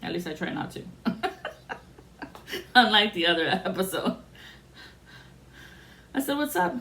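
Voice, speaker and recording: This podcast host has a lowish voice that is animated, slow, pushed and bright. She tells a personal story bluntly and casually, voicing the people she quotes, over faint background noise.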